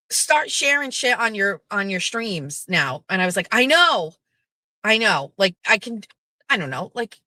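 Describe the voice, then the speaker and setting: A woman's voice: mid-range voice, bright, forceful tone, no room sound, poor audio. A woman, hosting her show and telling a casual, profane story, quoting the people in it. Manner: chatty and profane, quoting others in quick back-and-forth. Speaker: host.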